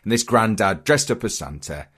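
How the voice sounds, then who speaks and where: Animated man telling stories. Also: lowish voice, normal speed, slightly rough. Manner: animated, acts out voices in his stories. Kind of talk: casual chat, comic storytelling.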